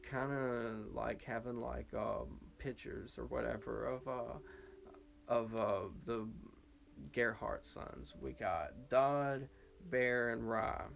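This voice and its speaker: A man talks through a TV episode review in a loose, rambling way, stopping often for fillers and to correct himself. His voice has a gravelly, creaky edge. His pitch sits in an ordinary middle range for a man. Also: a bit bright, a little hiss or hum, rough recording. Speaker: film and TV reviewer. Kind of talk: casual spoken episode review.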